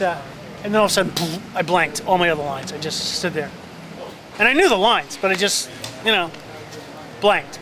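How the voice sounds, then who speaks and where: A man telling an animated story about his first film role in a casual interview, acting out the other people's lines. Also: high-pitched. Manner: animated storyteller, acts out quotes, many restarts. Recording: crowd noise outdoors.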